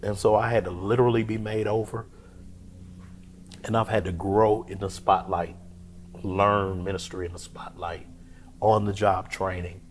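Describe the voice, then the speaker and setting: A middle-aged man from Omaha, a pastor, telling his story in an interview in an animated, conversational way. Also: lowish voice, normal speed, long pauses, a little hiss or hum. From Omaha, Nebraska, US. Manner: animated, acts out quoted voices, vernacular phrasing.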